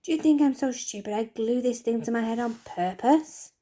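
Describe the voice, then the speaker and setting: A woman voicing a loud, hot-tempered father who shouts in a shrill, outraged way. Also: moderate pace, slight background noise, lightly acted. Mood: indignant.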